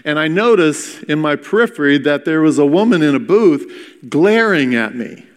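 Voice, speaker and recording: A middle-aged man, a pastor, preaching and telling a story in an animated way, acting out the dialogue and moving between loud and hushed moments. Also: on the high side, moderate pace. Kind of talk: sermon storytelling. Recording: long reverb of a large hall.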